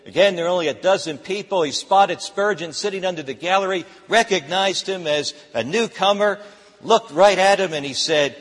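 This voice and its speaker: A male pastor tells a story during his sermon, stopping and restarting often with fillers. His voice is husky and a touch high for a man. It carries a long reverb from a church hall. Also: moderate pace. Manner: hesitant, many filler restarts.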